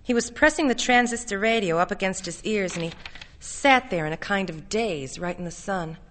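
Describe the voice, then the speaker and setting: A woman narrating a short story with a bright, clear tone. Her delivery is measured and steady, moving evenly through long descriptive passages. The pitch sits in an ordinary middle range. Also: a little hiss or hum. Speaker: reader. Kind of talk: literary story reading.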